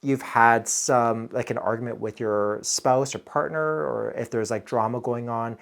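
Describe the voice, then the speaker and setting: A man's voice: medium pitch, fairly even intonation, measured pace, gravelly. A man in his thirties, an emergency physician, casually explaining hospital practice in an earnest, conversational way. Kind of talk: casual reaction commentary.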